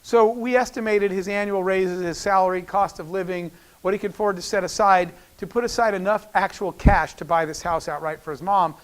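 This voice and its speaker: A middle-aged man with a high-pitched voice is giving a keynote speech. He tells a personal story and acts out the quoted lines as he goes, and it clearly moves him. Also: brisk. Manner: animated storyteller acting out quoted dialogue. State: emotional. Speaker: keynote speaker.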